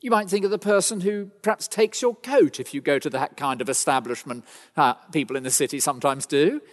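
A man preaching a sermon, emphatic and rhetorical, with dramatic pauses. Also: on the high side. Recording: long hall reverb.

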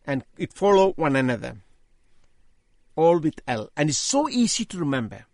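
An older man giving an emphatic sermon-style testimony, repeating key phrases, his voice rising as he gets excited. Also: fairly high pitch, normal speed, no room sound, studio quality. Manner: voice rises when speaking with excitement. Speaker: Christian speaker giving testimony.

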